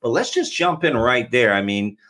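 A man's voice: mid-range voice, very animated, normal speed, fairly bright tone. A man hosting an interview, asking loose, rambling questions full of fillers. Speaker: interview host. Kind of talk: casual interview.

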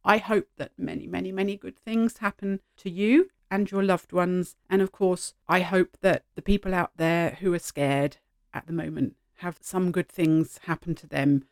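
A middle-aged woman hosting a solo podcast, talking in an animated, heartfelt way from behind a microphone at home. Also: lowish voice, moderate pace, creaky, no room sound, studio quality. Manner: animated, heartfelt, gently emotional. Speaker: podcast host. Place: sitting at home. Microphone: studio microphone.

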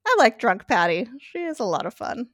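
On her podcast, a woman with a fairly high voice speaks briskly as she recaps a TV episode, laughing a lot and performing the characters' quotes in lively voices. The studio-quality recording has no echo.

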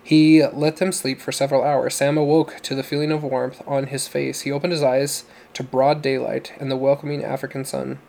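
A man reading a novel aloud as narrator, in a steady, even storytelling manner. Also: medium pitch, moderate pace, creaky, hardly any pauses, rough recording. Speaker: audiobook narrator.

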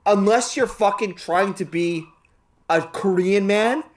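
A man from Canada co-hosting a podcast, talking in a casual, animated way, swearing and laughing often. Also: high-pitched, slow pace. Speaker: podcast co-host. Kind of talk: casual chat.

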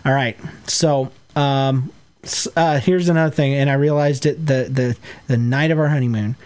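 A man's voice: medium pitch, steady tone, darkish tone, smooth. A man co-hosting a podcast with his wife, teasing her in casual chat. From Georgia, US. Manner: playful, teasing, quick to laugh. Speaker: podcast co-host.

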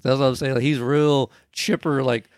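A man's voice: medium pitch, fairly even intonation, normal speed, darkish tone, no room sound, clean studio sound. A man hosting a podcast in casual chat, swearing a lot and laughing often. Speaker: podcast host.

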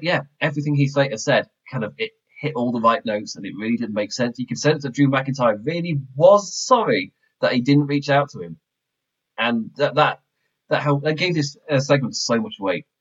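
A man casually reviewing a wrestling show, animated and laughing often. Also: medium pitch, slightly rough. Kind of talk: casual review chat with commentary. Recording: slightly dull lo-fi mic.

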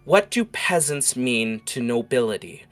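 A man's voice: medium pitch, very animated, unhurried, soft background music, voice pushed up. A man playing a venomous, haughty royal lady. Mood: scornful. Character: cold, scornful noblewoman of royalty.

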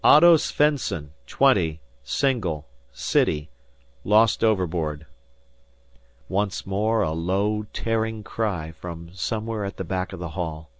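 A man narrating a classic novel as an audiobook in a measured, even storytelling manner. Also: low voice, no echo. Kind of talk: scripted narration.

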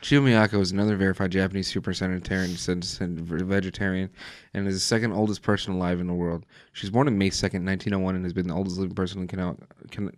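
A man with a low voice trades teasing, profane jokes on a casual podcast, cutting in with quick corrections. His voice sounds dry and close. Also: flat delivery, no room sound. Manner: teasing, profane, jokey interjections. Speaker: podcast co-host.

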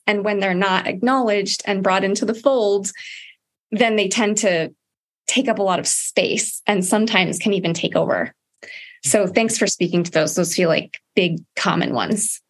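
A woman hosting a podcast, talking in an animated, emphatic way and using "like" often. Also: mid-range voice. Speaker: podcast host. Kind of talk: casual conversation.

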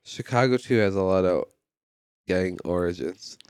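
A man's voice: deep voice, measured pace, darkish tone, smooth, dry recording, clean studio sound. A man co-hosting a casual podcast chat, mostly giving short reactions. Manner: brief reactive interjections. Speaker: podcast co-host.

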